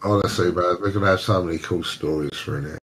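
An English man hosting a casual online chat, telling lively anecdotes and slipping into voices for the people in them. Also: low voice, fast talker, slight background noise. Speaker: host.

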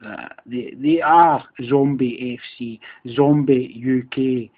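A husky-voiced Scottish man with a broad Glasgow accent rants on his own podcast, sweary and repetitive after a few beers. His heated delivery comes through a tinny, phone-like recording. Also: mid-range voice, slow pace. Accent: Scottish, Glaswegian. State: a bit drunk. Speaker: podcast host. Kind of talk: angry solo rant.

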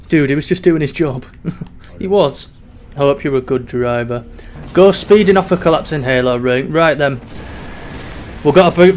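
A young man giving casual, sweary commentary while playing a video game. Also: medium pitch. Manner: chatty and sweary, drifting between mock despair and giggles. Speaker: gaming YouTuber.

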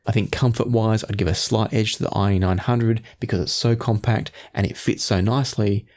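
Low-voiced man reviewing audio gear. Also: fairly even intonation, a little mellow. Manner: measured, qualifies claims with kind of and perhaps. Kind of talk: product review talk.

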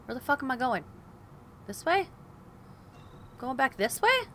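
Young woman, high bright voice, cursing gameplay commentary, faint hiss behind. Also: very animated, unhurried. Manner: frustrated, swearing, talking to herself and viewers. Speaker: gaming video host.

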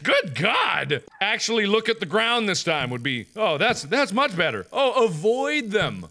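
A young man giving loud, jokey let's-play commentary, swinging between deep mutters and high yelps. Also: very animated, normal speed, few pauses. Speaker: gaming video host.

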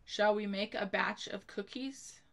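Slow, gravelly-voiced woman teaching spelling. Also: medium pitch, a bit bright. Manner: slow, careful, spells words letter by letter. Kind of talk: slow spelling-list lesson for children.

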